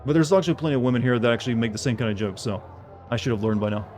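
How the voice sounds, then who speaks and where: A man streaming a video game, chatting casually in a dry monotone. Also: mid-range voice, racing, soft background music.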